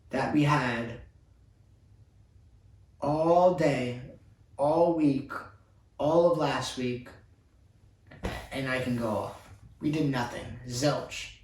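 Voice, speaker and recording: A man's voice: medium pitch, reverberant, distant mic. A man delivering an exasperated basketball fan rant, repeating his complaints as he vents. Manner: exasperated, repetitive ranting.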